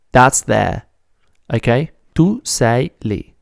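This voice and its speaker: Slow, clear-voiced male language teacher. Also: medium pitch, darkish tone, no room sound, clean studio sound. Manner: patient, explains step by step, corrects his own slips. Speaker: Italian teacher. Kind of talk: beginner language lesson.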